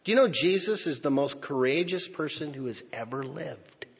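A male pastor preaching a sermon, slow and emphatic, swinging from loud declarations to hushed near-whispers. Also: a little high, expressive, gravelly, husky. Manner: slow, emphatic phrasing with pauses. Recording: lo-fi with long hall reverb.

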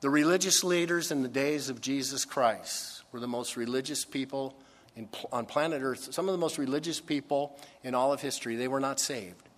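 Earnest preacher in a reverberant hall. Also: male voice, medium pitch. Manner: earnest, emphatic preaching with dramatic pauses. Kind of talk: sermon. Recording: long reverb of a large hall.

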